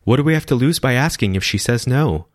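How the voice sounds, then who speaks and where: Man putting on a desperate village woman, pleading, urgent, pitched high, storybook voice. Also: lively intonation, fast talker, no room sound, studio quality, natural voice.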